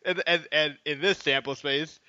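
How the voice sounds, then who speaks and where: A man with a somewhat high, bright and forceful voice co-hosts a podcast, recapping plots in a halting, rambling manner. The recording is dry with a slightly dull, lo-fi tone. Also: steady tone, no room sound. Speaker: podcast co-host. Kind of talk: casual chat.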